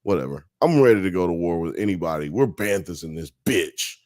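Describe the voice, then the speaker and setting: A man's voice: sits low, animated, a little fast, darkish tone, no echo, studio quality. A man hosting a live-streamed talk show, chatting casually and profanely, joking with the audience and reading chat comments aloud.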